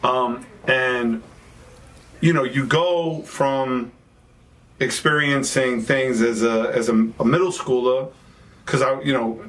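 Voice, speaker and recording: A man, a guest telling stories in a relaxed, reflective chat. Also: medium pitch, slow pace. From New York. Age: 50s. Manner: storytelling, reflective, frequent restarts. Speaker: guest rapper. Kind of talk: casual chat. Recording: distant mic with faint background noise.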